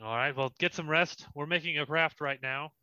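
A man's voice: on the high side, fairly even intonation, moderate pace, sharp tone, clear, resonant tone, no room sound, muffled recording. A man narrating a tabletop game as game master, in a loose, chatty way.

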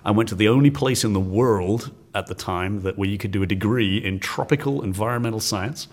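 A man in his forties from the United Kingdom, a science teacher telling stories as a guest in an interview, animated and laughing often. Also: on the low side, a little fast. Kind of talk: storytelling in an interview.

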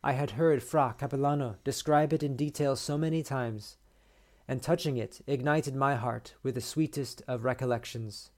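A man podcast host reading a short story aloud in a measured, steady way. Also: mid-range voice.

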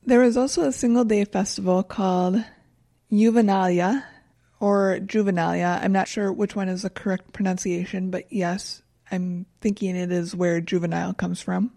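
A young woman calmly walks through her research in a casual chat, matter-of-fact with a dry wit. Her tone is mellow and warm, and the recording is close and dry. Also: mid-range voice, moderate pace, gravelly, hardly any pauses, dry recording. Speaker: podcast co-host presenting research. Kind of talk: casual chat, reading facts.

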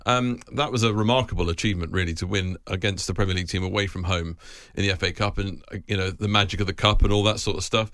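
A man hosting a podcast, asking a guest thoughtful interview questions in a measured way. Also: low-pitched, steady tone, fairly bright tone, no room sound, studio quality. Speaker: podcast host.

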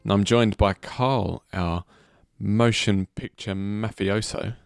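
A man hosting a casual comedy podcast, jokey and quick to laugh. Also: on the low side, gravelly, clear, resonant tone, no room sound, studio quality. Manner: jokey, laughs often, lively delivery. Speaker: podcast host. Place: small studio.

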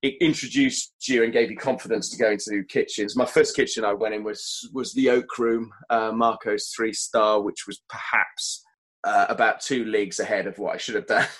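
A man, a chef telling stories from his career in a relaxed interview, self-deprecating and often laughing at himself. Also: fairly low pitch, moderate pace, breathy edge, poor audio. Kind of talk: relaxed storytelling in conversation.

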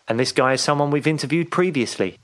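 A man co-hosting a podcast, chatting casually in a deliberately soft, hushed voice, and laughing often. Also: a little high. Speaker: podcast co-host.

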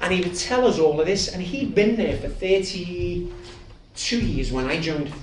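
An animated man tells his testimony with humor and energy. He is heard from some distance in an echoey room, with steady ambient noise behind him. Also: high voice, unhurried. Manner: lively, humorous, animated storytelling. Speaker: testimony speaker. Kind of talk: storytelling testimony talk.

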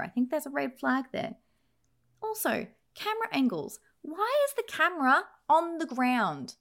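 Animated woman ranting on a podcast. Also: sits high. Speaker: podcast co-host. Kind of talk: casual film review chat.

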